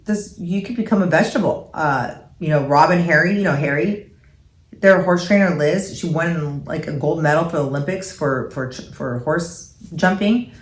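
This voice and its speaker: A middle-aged woman co-hosting a casual chat show, telling stories animatedly and going high and loud when she quotes her own indignation. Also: moderate pace, roomy sound. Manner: animated storyteller who pitches up for indignant quotes. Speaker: co-host.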